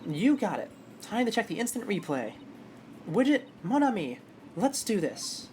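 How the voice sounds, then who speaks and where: A woman voicing an energetic young female defense attorney with a brisk, upbeat manner. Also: medium pitch, a little hiss or hum, natural voice. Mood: eager.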